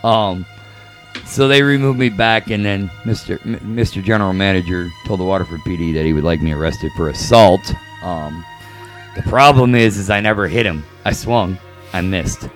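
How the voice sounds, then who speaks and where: Guest: race car driver, man, deep and dry, measured delivery. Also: faint music behind. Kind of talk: casual podcast chat.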